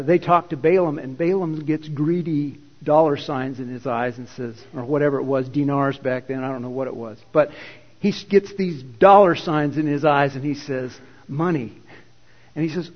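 Conversational storytelling preacher in a hall. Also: male voice, a little high. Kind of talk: sermon. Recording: echoey hall, dull lo-fi.

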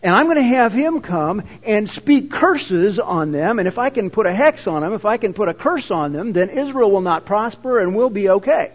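A man's voice: high voice, expressive, normal speed, hardly any pauses, voice pushed up. A man doing a scheming, anxious king. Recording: echoey hall, dull lo-fi.

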